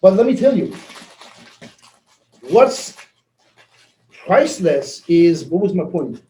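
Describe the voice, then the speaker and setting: A man giving a casual motivational talk, animated and laughing as he acts out conversations. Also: sits high, slow pace, reverberant, low-quality recording. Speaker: network marketing leader.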